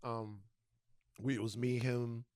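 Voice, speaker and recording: A man's voice: medium pitch, level tone, slow, a little mellow, clear, resonant tone, no room sound, clean studio sound. A man co-hosting a podcast in casual, joking chat, sometimes talking while eating. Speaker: podcast co-host.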